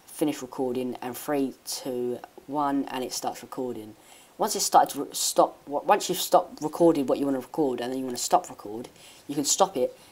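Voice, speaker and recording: A woman giving a rambling, hesitant software tutorial with many restarts. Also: extremely low pitch. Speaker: tech YouTuber. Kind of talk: screen-recording software tutorial.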